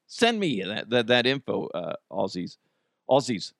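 A man from the United States hosting a casual news commentary podcast, animated and swearing freely, laughing often. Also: deep voice, measured pace, creaky, dry recording, studio quality. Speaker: podcast host.

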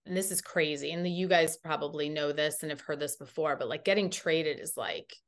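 Talking a little fast in a deep voice, a woman in her thirties shares a story on a podcast where she's a guest. She's animated and casual, leaning heavily on "like" as a filler.

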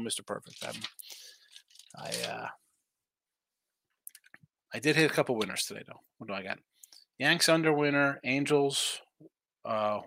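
A man's voice: fairly high pitch, creaky, bright, forceful tone, dry recording. A man hosting a live sports betting show, chatting casually through the day's games and reading viewer comments, thinking aloud and answering his own questions.

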